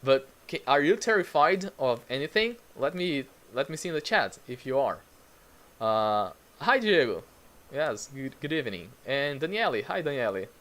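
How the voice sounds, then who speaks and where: A man's voice: medium pitch, big pitch swings, moderate pace, fairly bright tone. A man teaching English in a live online lesson, patiently repeating words for learners and greeting viewers in the chat.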